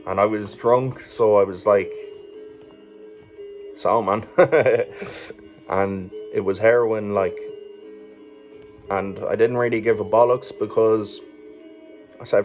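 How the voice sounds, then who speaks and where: A man's voice: on the low side, slow, pauses often, darkish tone, faint music behind. An Irish man telling a personal story as a vlogger, rambling casually with swearing, fillers and chuckles. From Ireland.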